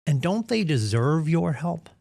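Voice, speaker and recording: A man's voice: fairly high pitch, sing-song, a little slow, creaky, a little mellow, no room sound, clean studio sound. A man leading a real estate team's morning meeting, giving an earnest, punchy motivational talk and acting out the excuses people make. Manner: earnest, punchy, acts out quoted voices. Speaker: real estate team leader.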